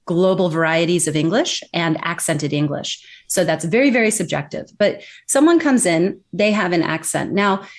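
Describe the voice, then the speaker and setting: American woman, kinda low voice, emphatic and animated, explaining stuff in an interview. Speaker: accent and communication expert guest. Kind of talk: interview answers.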